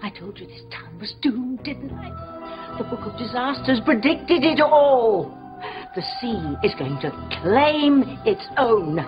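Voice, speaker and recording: A woman's voice: on the high side, expressive, slow pace. A gloomy doom-saying witch. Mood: doom-laden. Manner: exasperated, prophetic, dramatic. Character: gloomy doom-predicting older witch woman. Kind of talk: soap opera acting. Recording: dull broadcast sound with music.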